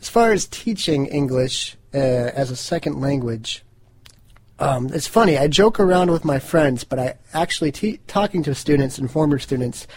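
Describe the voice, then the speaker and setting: A man's voice: medium pitch, expressive, normal speed, a little mellow, a little hiss or hum. An American man from Boston, an English teacher, giving a casual, joking statement. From Boston, Massachusetts, USA. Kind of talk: short unscripted statement.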